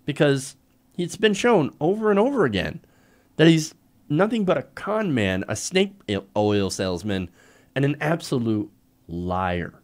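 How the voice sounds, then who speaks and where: A man's voice: fairly high pitch, animated, unhurried. A man hosting a live political commentary show, speaking sarcastically and emphatically with frequent laughs. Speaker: host.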